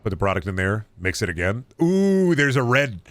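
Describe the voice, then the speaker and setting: A man's voice: lowish voice, big pitch swings, moderate pace, a bit bright, no echo. A man streaming a video game, joking around casually as he plays and talks to his chat. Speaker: gaming streamer.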